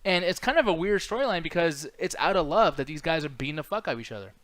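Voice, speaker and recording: A man's voice: a little high, animated, quick pace, a bit bright, a little hiss or hum. A man in his thirties hosting a live-stream chat, talking loosely and profanely with lots of fillers. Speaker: podcast host.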